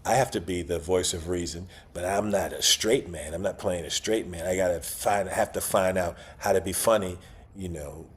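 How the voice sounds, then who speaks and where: A man's voice: low voice, moderate pace, slightly rough. A man in his sixties, a guest actor in a casual interview, talking in a laid-back way with chuckles and repeated phrases. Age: 60s.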